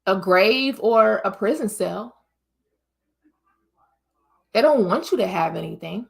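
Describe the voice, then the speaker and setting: A woman's voice: mid-range voice, lively intonation, slow, vocal fry. A woman from the United States hosting a vlog, giving a casual opinion monologue straight to her viewers in an emphatic, preachy way. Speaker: vlog host.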